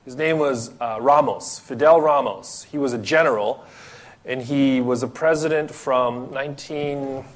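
A man's voice: mid-range voice, measured pace. A man from the Philippines, preaching a sermon as pastor, emphatic and full of rhetorical questions.

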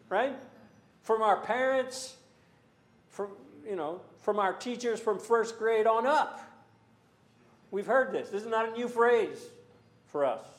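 High-voiced preacher man, echoey church. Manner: earnest, rhetorical questions, rising to loud emphasis. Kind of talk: sermon.

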